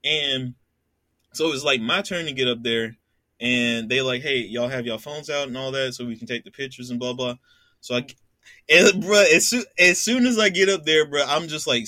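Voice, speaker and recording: Bright-voiced young man telling a story. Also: medium pitch, lively intonation, normal speed, no echo. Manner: laughs a lot, acts out voices in his anecdote. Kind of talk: casual storytelling chat.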